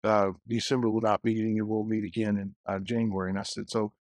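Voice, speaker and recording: A man, a guest minister, telling lively stories in a casual podcast conversation, full of restarts and acted-out quotes. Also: on the low side, quick pace, no echo, studio quality. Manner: storytelling, animated quotes, many restarts.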